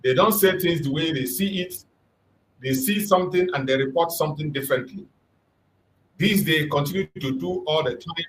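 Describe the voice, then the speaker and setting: A man's voice: on the high side, moderate pace, a little hiss or hum, poor audio. Fervent man preaching politics. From southeastern Nigeria. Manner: fervent, repetitive, emphatic. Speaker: channel host. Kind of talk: impassioned political commentary.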